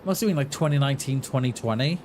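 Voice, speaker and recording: A man in his forties chatting casually on a gaming livestream, rambling and halting, often restarting his words and answering his viewers in a friendly way. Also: medium pitch, a little mellow. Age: 40s. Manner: talks back to chat in a friendly, reassuring way. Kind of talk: casual livestream chat while playing. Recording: noisy home stream recording.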